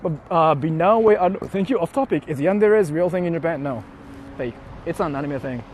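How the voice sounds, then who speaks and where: A man's voice: fairly high pitch, moderate pace, slight background noise. A young man chatting casually on a stream from a car, reading donations, playful and sweary.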